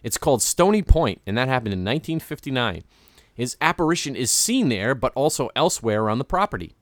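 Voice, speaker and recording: A man's voice: medium pitch, very animated, fairly quick, no room sound, studio quality. A man co-hosting a podcast, relaxing into a haunted history with fillers and jokes. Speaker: podcast co-host. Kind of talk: casual storytelling chat.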